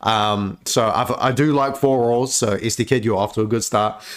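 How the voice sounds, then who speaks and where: A man's voice: mid-range voice, fairly even intonation, moderate pace. Laid-back profane man reacting to music. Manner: laid-back, profane, chatty with filler words. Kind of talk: casual reaction commentary.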